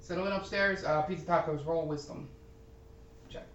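A man's voice: on the high side, normal speed, reverberant, far from the mic, muffled recording, slight background noise. A man narrating as game master of a tabletop game, describing scenes hesitantly with many ums.

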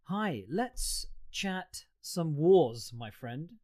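A man's voice: on the high side, expressive, a little mellow. A man hosting a podcast over a video call, chatting casually and rambling with jokes. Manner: chatty, rambling, quick to joke. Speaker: podcast host. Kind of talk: casual chat.

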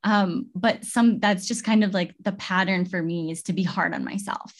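A woman's voice: on the low side, moderate pace. Woman telling a personal story, rambling. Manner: rambling, filler-heavy storytelling with many restarts. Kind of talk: casual heartfelt conversation.

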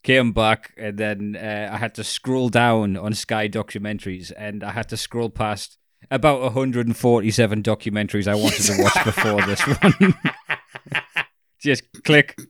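A man's voice: on the low side, normal speed, fairly bright tone, no room sound. Rambling man, dry close sound. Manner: rambling, laughs through his stories. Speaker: podcast co-host. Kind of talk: casual chat.

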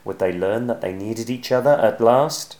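A man reading a rhyming picture book aloud in an expressive, sing-song manner. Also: on the low side, moderate pace. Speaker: storyteller.

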